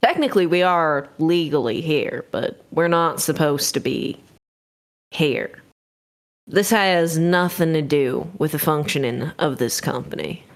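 Un joueur faisant un inconnu mystérieux et calme. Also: medium pitch, unhurried, close to an everyday voice. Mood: calm. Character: calm mysterious stranger speaking through a phone speaker.

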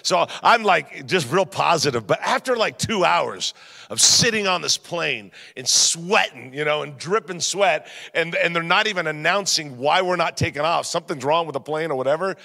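Upbeat bright-voiced man preaching. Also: on the high side, moderate pace, vocal fry, in a large hall. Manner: upbeat, joking, lively storytelling. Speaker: pastor. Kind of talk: sermon. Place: church hall.

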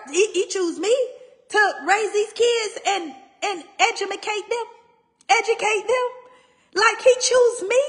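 A woman's voice: very high-pitched, fairly bright tone, long reverb tail. A middle-aged woman hosting a faith podcast, preaching in a fervent, emotional way and calling her listeners y'all. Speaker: podcast host and faith speaker.

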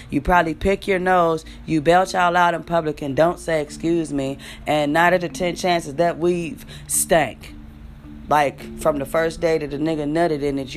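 Brief: young woman vlogger, lowish voice, blunt and foul-mouthed sarcastic rant, faint music underneath. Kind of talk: ranting monologue.

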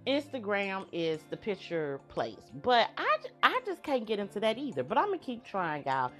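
A woman's voice: mid-range voice, very animated, moderate pace, a bit bright, faint music behind. A woman talking casually to her listeners, chatty and confiding as she calls them y'all. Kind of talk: casual monologue.

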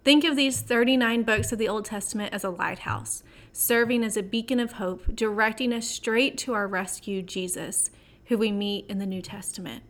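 A woman hosting a Bible teaching podcast, reading a scripted devotional lesson with conversational asides and slow, dramatic emphasis. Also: medium pitch, fairly bright tone.

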